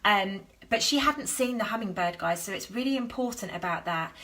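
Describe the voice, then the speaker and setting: A woman who works as a health coach, telling a personal story on a live stream in an animated, earnest way and acting out the dialogue. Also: medium pitch, moderate pace. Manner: animated, earnest, acts out dialogue in her stories. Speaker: health coach and business founder.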